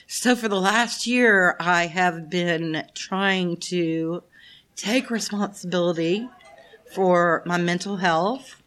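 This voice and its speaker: A woman in her 50s tells her story bluntly to a recovery meeting, facing the room head-on and often laughing and swearing. Her tone is fairly bright, and her pitch fairly low.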